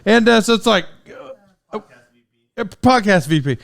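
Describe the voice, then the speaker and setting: A man's voice: high-pitched, expressive, measured pace, vocal fry, no room sound. A man in his forties telling stories on his solo podcast in a casual, rambling way, full of fillers and restarts. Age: 40s. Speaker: podcast host.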